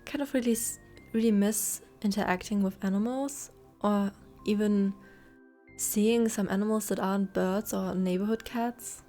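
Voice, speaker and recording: A woman's voice: mid-range voice, steady tone, normal speed. A young woman chatting casually and rambling while streaming a game. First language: German. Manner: chatty, rambling, soft asides to chat. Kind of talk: casual gameplay commentary. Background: faint game music.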